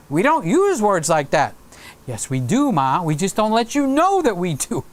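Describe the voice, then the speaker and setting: This livestream host has a high, very animated voice and takes his time. He chats casually on his own stream, rambling through anecdotes and laughing at his own stories.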